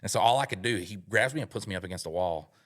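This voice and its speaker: Speaking fast in a fairly low voice, a podcast co-host launches into a rambling, profanity-heavy comic tale. He tells it in an animated way as comedic storytelling.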